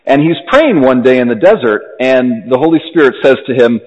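A man's voice: expressive, brisk, darkish tone, long reverb tail, muffled recording. A man preaching a conversational homily in a church, with fillers and restarts. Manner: conversational, grows fervent and high when urging. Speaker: priest.

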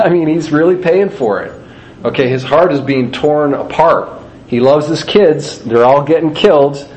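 Guy teaching a bible story, chatty and lively, reads verses out, mid pitch, bit of faint background noise. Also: moderate pace, low-quality recording. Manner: animated storytelling with readings.

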